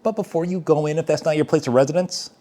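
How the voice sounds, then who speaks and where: A man's voice: on the high side, steady tone, quick pace, background noise. Podcast cohost dude, opinionated, walks through his point bit by bit. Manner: opinionated, lays out points step by step. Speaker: podcast co-host. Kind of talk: casual chat.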